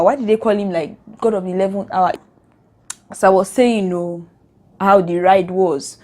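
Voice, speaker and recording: A woman's voice: mid-range voice, steady tone, normal speed, a little mellow. Young Nigerian-accented woman, vlogger, earnest and emotional, mid-range voice. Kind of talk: casual reflective vlog.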